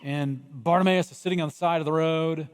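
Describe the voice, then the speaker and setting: A male pastor preaching with an animated delivery, sometimes crying out loud, then dropping to near-hushed tones. His voice sits a little high for a man. It rings with the long reverb of a church hall. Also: fast, clean tone. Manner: animated, acts out voices of people in the story, swings from loud cries to hushed. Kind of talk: sermon. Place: church sanctuary.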